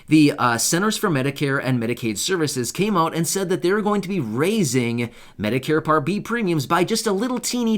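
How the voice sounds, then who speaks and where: A man's voice: medium pitch, a bit bright. A man hosting an online channel, talking casually to his viewers with lots of asides and "right?" check-ins. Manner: chatty and informal, many fillers and asides, checks in with "right?". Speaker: YouTube host covering benefits news. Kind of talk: casual talk to camera.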